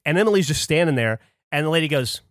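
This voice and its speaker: A man's voice: on the high side, quick pace, no echo. A man hosting a podcast, telling a story casually and animatedly, swearing often and acting out what people said. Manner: animated, swears a lot, acts out quotes. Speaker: podcast host.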